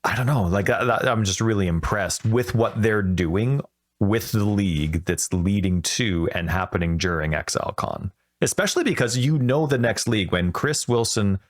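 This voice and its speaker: Low-voiced excitable man podcasting. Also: moderate pace. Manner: rambling, excitable, self-correcting. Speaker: podcast host. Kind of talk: casual podcast chat.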